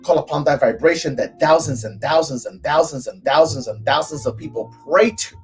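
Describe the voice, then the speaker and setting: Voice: medium pitch, a little fast, faint music behind. A spiritual coach from Cuba giving a live tarot reading, emphatic and chanting repeated phrases.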